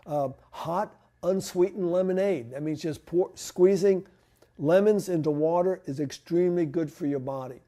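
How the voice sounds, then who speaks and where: A man's voice: fairly high pitch, normal speed, dark tone. A man giving a conversational church health talk on home remedies, asking and answering his own questions. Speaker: health presenter. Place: church hall.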